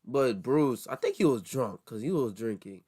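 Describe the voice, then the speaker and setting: A man's voice: medium pitch, expressive, normal speed, mellow, slightly rough. A man hosting a reaction video, talking in loose, rambling commentary that stumbles and restarts often.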